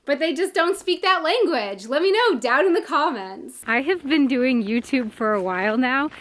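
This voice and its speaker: A woman's voice: high voice, lively intonation, moderate pace, a bit bright, no echo, studio quality. A young woman from the United States vlogging outdoors into a handheld camera, chatty and a little self-conscious, laughing often. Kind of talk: casual vlog talk to camera. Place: outdoors in public.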